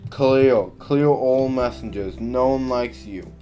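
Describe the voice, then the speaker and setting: A man's voice: medium pitch, takes it slowly, warm tone, soft background music. A man giving casual gameplay commentary, tired and grumbling, swearing often as he talks to himself. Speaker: gaming YouTuber.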